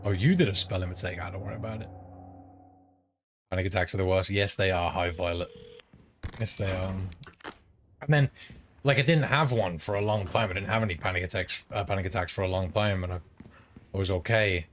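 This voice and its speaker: A streamer talks in a low, rambling voice, swearing freely as he tells a story between game moments. A clear bed of background noise runs under his home streaming mic. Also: fairly quick, pauses often. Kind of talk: casual chat while gaming.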